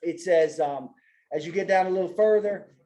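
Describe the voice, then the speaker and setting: A man's voice: high-pitched, normal speed, warm tone, echoey room. A man teaching a Bible study class in a loose, folksy way, often tagging his sentences with "man" and "right?". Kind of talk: casual teaching with personal stories. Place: church classroom with a group.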